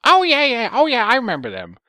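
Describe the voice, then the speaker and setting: A man putting on a shrill, paranoid old lady. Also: huge pitch swings, brisk, no echo, clean studio sound, full character voice. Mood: clueless. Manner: shrill, high and loud. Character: paranoid, fussy elderly woman employer.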